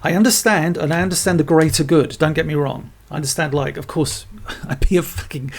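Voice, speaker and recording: A man's voice: a little high, a little fast. A man hosting a podcast, chatting casually and enthusiastically about a film and swearing now and then. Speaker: podcast host. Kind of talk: casual film review chat.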